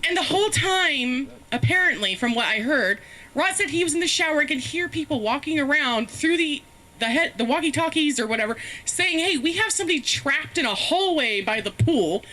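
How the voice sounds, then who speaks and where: A woman's voice: high voice, lively intonation, brisk, bright, forceful tone. A woman telling a rambling, profane, self-mocking story as a stand-up comedian, laughing often. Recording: faint background noise, live stream.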